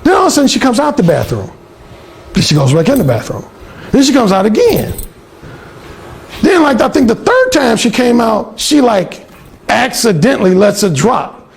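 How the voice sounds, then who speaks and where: A man coaching on dating, telling a story in a blunt, profane and animated way. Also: very high voice, moderate pace, vocal fry, pauses often. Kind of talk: casual storytelling monologue.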